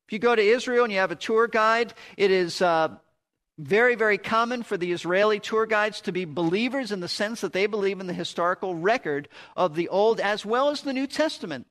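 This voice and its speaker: Earnest high-voiced male preacher. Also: fairly quick, a bit bright. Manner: earnest, emphatic, repeats key words. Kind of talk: radio Bible teaching.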